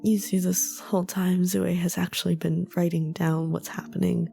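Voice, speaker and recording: A woman narrating and speaking in character at a tabletop game, soft and careful. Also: on the low side, flat delivery, normal speed, creaky, faint music behind. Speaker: player.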